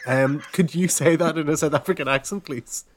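A man's voice: a little high, brisk. Mock-outraged man ranting in casual chat. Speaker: podcast co-host.

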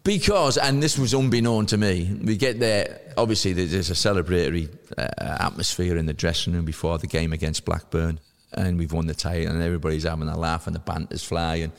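A man in his fifties, a podcast guest telling lively anecdotes and acting out the voices of people he quotes. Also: sits low, brisk, hardly any pauses, long reverb tail. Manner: lively storyteller who acts out quoted voices. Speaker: podcast guest, former footballer.

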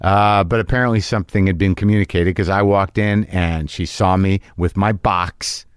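A man's voice: deep voice, fairly even intonation, normal speed, clear, resonant tone, dry recording, clean studio sound. A middle-aged man hosting a podcast, telling a comic story in a rambling, self-mocking way with sudden exasperated, profane outbursts. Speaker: podcast host.

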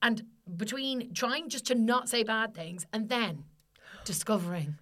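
A woman's voice: on the high side, a little slow, fairly bright tone. A woman co-hosting a podcast, chatting casually and emphatically, swearing freely. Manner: sweary, emphatic, laughs often. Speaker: podcast co-host. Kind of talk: casual chat.

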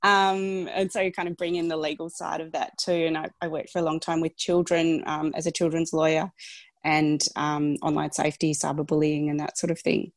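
A woman's voice: low voice, flat delivery, fairly quick, dry recording. A woman in her thirties from Tasmania with an Australian accent, a guest on a podcast who speaks thoughtfully over a remote online recording. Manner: reflective, thoughtful storytelling. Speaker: guest, lawyer. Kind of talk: casual podcast interview.

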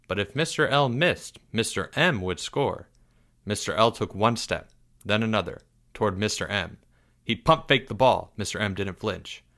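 A man reading a children's story aloud, expressive and dropping softer in tense moments. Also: on the low side. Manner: expressive, drops softer for suspense. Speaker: narrator.

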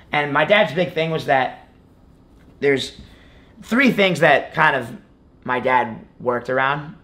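A man's voice: on the high side, slow pace, sharp tone. A young man talking casually as an interview guest, rambling with lots of fillers. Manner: rambling, many fillers like "like" and "you know". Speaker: guest, college wrestler.

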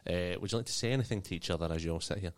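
Low voiced guy dm-ing a tabletop game, lots of ums, laughs easy. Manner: loose narration full of ums and uhs, quick to laugh. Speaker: game master.

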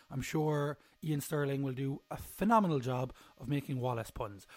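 Young male podcast host, slightly high voice, chatty self-mocking recap, dry sound. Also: no room sound. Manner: rambling, jokey, self-mocking. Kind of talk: casual solo recap chat.

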